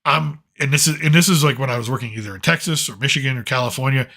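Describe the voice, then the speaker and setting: A man's voice: medium pitch, fast, pushed and bright. A middle-aged man with a Boston accent, hosting a live stream in a rambling, sardonic casual monologue full of restarts. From Boston, Massachusetts.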